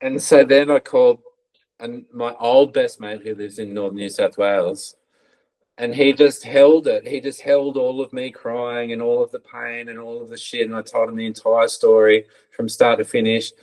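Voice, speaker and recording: A man's voice: medium pitch, moderate pace, poor audio. A man, a podcast guest, telling stories in a loose, swearing, casual way and acting out other people's lines. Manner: swears freely, lively storytelling with quoted voices. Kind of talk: casual storytelling interview.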